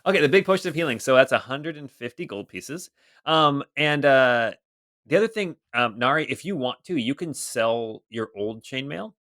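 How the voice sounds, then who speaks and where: A man running a tabletop game, meandering through his descriptions with plenty of ums and likes. His mid-pitched voice sounds close and dry. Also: expressive, moderate pace, a bit bright, no echo. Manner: rambling, many fillers. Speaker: game master.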